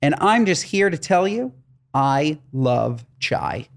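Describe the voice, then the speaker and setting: A man's voice: a little high, very animated, slow pace, creaky. A man co-hosting a comedy podcast, telling stories in a playful, exaggerated way. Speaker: podcast co-host. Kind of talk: casual comedic chat.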